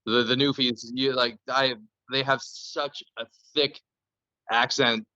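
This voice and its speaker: A man's voice: mid-range voice, steady tone, slow, bright, forceful tone, no room sound, muffled recording. A man from Canada chatting casually on a podcast, telling loose stories full of swearing. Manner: loose, profane storytelling. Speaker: podcast guest.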